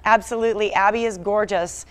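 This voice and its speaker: A woman's voice: mid-range voice, steady tone, brisk. A woman news anchor hosting a morning TV interview, earnest and a little choked up as she talks.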